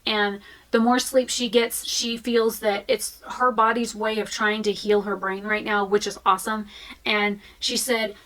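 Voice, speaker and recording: A woman's voice: on the high side, a bit bright, low-quality recording. A woman vlogging in a frank, chatty way, with fillers and restarts. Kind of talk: candid casual talk to camera.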